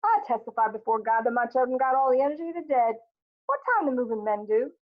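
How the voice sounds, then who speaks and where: Woman voices an older, pious mother in a play reading: high, exclaiming, preacherly, over tinny lo-fi audio. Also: lively intonation, fast talker. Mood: exasperated. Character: weary churchgoing Black mother, older woman.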